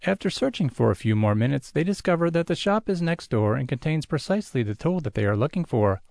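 Creaky-voiced man narrating a story. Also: animated, quick pace, a little mellow, no room sound, studio quality. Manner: reads all character voices himself with small pitch shifts. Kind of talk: audiobook narration of a sci-fi story.

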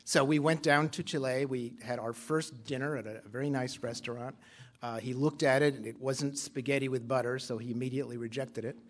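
A man's voice: mid-range voice, steady tone, fairly quick. Joking older man giving a conference talk. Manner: conversational, self-deprecating humor, frequent fillers. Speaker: conference speaker. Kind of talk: conference speech, anecdotal then reading a prepared text.

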